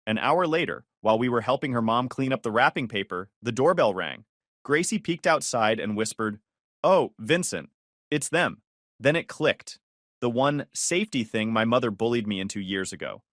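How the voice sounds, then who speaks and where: A man giving a sardonic, deadpan first-person story narration into a close mic. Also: mid-range voice, a little fast, no echo.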